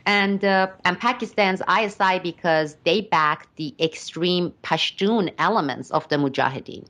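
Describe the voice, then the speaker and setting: A middle-aged woman giving commentary as a podcast guest, speaking deliberately and emphatically with frequent pauses. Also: lowish voice, a bit bright. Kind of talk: casual podcast discussion.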